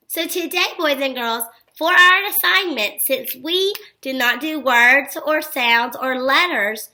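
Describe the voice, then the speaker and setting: A woman teacher giving a phonics lesson to young children, upbeat and full of encouraging praise, reading example sentences with exaggerated expression. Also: sits high. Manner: exaggerated expressive read-alouds.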